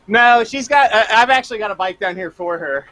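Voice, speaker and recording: A man's voice: sits high, moderate pace, sharp tone, slight background noise. A man chatting casually during a stream, easygoing and laughing at himself. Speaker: rider and father on the stream. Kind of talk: casual chat.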